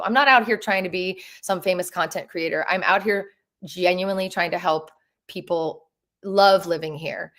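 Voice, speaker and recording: A real estate agent in her thirties hosts a casual live Q&A stream from home, bubbly and talkative, full of fillers and restarts. Her voice is mid-range and a bit bright.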